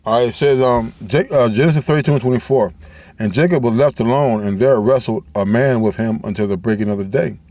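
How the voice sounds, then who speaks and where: A man giving informal Bible teaching, talking loosely and reading scripture aloud in a slow, measured way. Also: medium pitch, darkish tone. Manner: loose and conversational, ends phrases with "man" and "all right"; reads scripture aloud in slowed, measured cadence.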